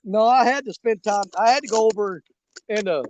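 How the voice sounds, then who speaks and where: On a muffled recording with slight background noise, a man hosts his fishing channel from a riverside, bantering with viewers in a casual live stream. His voice is high and darkish, fairly quick, and his talk is rambling, folksy and jokey with lots of fillers.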